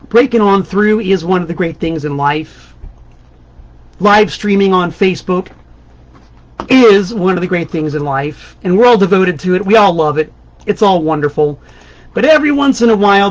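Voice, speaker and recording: A man with a high voice hosts a live stream from his desk, playful and mock-grandiose as he rambles through asides. He comes through a dull, lo-fi webcam recording. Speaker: guest host of a band's live stream. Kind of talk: casual comic monologue. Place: home desk.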